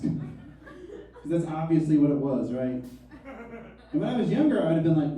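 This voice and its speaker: A man's voice: on the high side, lively intonation, normal speed, long pauses, mellow. Wry man in his thirties, echoey club. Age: 30s. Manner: wry, self-mocking storytelling. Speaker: stand-up comedian. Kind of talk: stand-up comedy set. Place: comedy club stage. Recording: echoey club, mic from far off.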